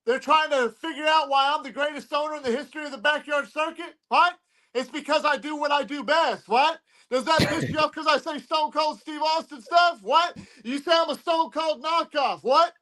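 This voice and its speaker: Loud cocky guy, really high voice, bright and punchy, keeps yelling what. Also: brisk, few pauses, low-quality recording. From Texas. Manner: cocky, interjects "What?" again and again. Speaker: wrestling promotion owner, guest. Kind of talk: brash wrestling promo talk.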